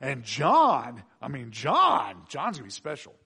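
A man's voice: mid-range voice, wildly swooping pitch, unhurried, vocal fry, sharp tone, husky. A man preaching a conversational sermon, teasing his congregation with asides and questions. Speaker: pastor.

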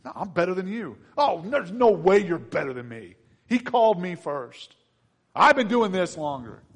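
A man's voice: high-pitched, sing-song, moderate pace, breathy edge, voice pushed up, heavily acted. A man doing a boastful disciple bickering. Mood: bragging. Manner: bragging, squabbling. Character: boastful male disciple bickering over rank.

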